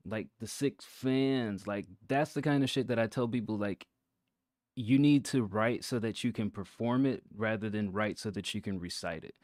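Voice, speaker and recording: A man's voice: on the low side, normal speed, a little mellow, dry recording, studio quality. A man hosting a show, casually reviewing a rap track, talking through his thoughts with lots of fillers and restarts.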